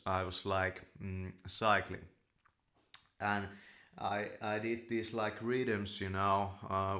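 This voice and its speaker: A man's voice: lowish voice, pushed and bright. A man, a Finnish native speaker, talking in a casual rambling monologue as a podcast host, full of "like" and "you know". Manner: filler-heavy, many "like" and "you know".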